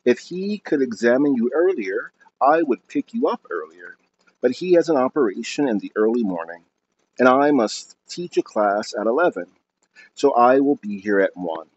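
A tired, soft-spoken father who speaks in careful, formal sentences, put on by a male reader. His voice sits lower than the storytelling voice and moves in lively contours. The recording sounds dull and lo-fi. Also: normal speed, natural voice. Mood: calm. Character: tired, gentle middle-aged father, a professor.

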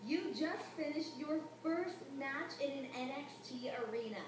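A woman's voice: sits high, normal speed, natural voice. A woman voicing a backstage interviewer in a wrestling game, asking upbeat questions; the audio is echoey, distant and noisy.

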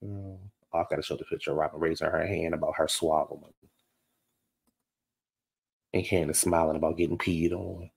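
A man's voice: very deep voice, fairly even intonation, moderate pace, gravelly, pauses often, slightly rough. A man doing a casual, sassy reality show recap, gossiping and calling his listeners baby and honey.

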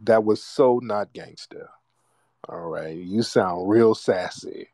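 A man's voice: on the low side, takes it slowly, warm tone, no room sound. An American man hosting a call-in radio show, mocking and trash-talking his callers. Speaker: radio host.

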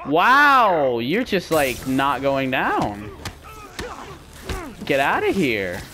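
A man's voice: mid-range voice, huge pitch swings, drawn-out words, fairly bright tone. A young man casually commentating his own gameplay, rambling and self-mocking with sudden goofy yelps. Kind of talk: casual let's-play commentary.

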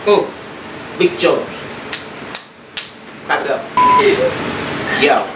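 A man's voice: high-pitched, animated, moderate pace, pauses often, noisy background. A man who raps and sings, joking around in slangy, rhyming banter on a music video set. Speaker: rapper and singer. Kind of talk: playful behind-the-scenes banter. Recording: roomy sound from a distant camera mic with music.

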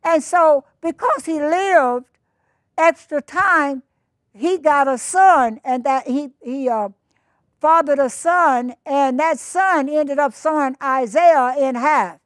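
High-pitched lady preaching casual bible talk, rambles, does the voices of people she quotes, dry close sound. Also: slow pace, no echo. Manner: conversational, acts out quoted voices, rambling asides. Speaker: Bible teacher. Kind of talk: informal sermon.

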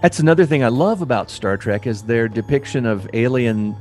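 A man in easy conversation as a podcast co-host, his voice sitting in a middling register. He talks in a relaxed, chatty way, breaking into laughs now and then, with faint music underneath. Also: mid-range voice, a little fast. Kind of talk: casual review chat.

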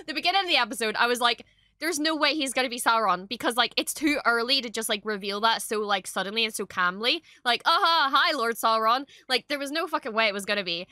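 A young woman reacting to a show in excited, gushing casual chat, swearing often. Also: a little high, fast, no echo, studio quality. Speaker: reaction streamer.

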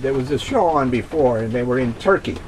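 A man's voice: mid-range voice, lively intonation, fairly quick, darkish tone, slight background noise, rough recording. A man, a voiceover artist, chatting casually on a talk show and cracking dry jokes. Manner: jokey, dry punchlines. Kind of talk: casual chat and reading aloud.

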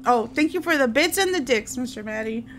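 A woman's voice: on the high side, expressive, a little fast, a bit bright, faint music behind. A woman live-streaming a game, chatting casually with viewers, apologetic and easily startled. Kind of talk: casual live-stream chat while gaming.

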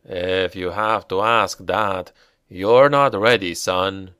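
A man reading the part of a dead father who returns, speaking slowly and gently like a patient old dad. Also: sits low, smooth, dry recording, studio quality, exaggerated voice. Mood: calm. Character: calm, ghostly older father smoking a pipe.

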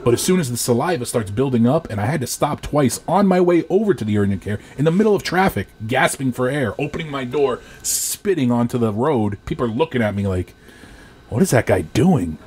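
A man in his thirties from Rhode Island, co-hosting a podcast and telling a profane, animated story in casual chat. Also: medium pitch, fairly quick, few pauses, husky. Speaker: podcast co-host.

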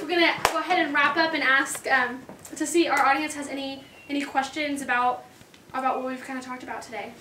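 A woman's voice: high voice, steady tone, fast, bright, forceful tone, echoey room, far from the mic, slight background noise. A woman showing off her dog's tricks in a chatty, casual talk, laughing often. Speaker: dog owner showing tricks. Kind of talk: casual chat.

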